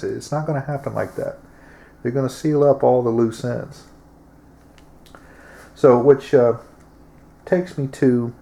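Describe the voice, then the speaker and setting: A man runs his own show, addressing the camera casually in a drawling, down-to-earth manner and leaning often on fillers. His voice sits at medium pitch, creaky and somewhat dark.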